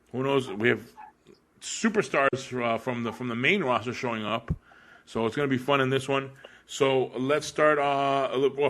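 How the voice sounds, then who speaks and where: A man's voice: medium pitch, fairly bright tone. A man hosting a casual podcast chat, laid-back and rambling, with lots of fillers and restarts. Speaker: podcast host.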